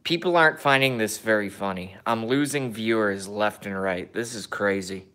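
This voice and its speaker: A man vlogging a casual rant, talking quickly and bluntly, with some swearing. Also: bright, forceful tone, smooth. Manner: rapid, blunt, swearing, lower than his put-on voice.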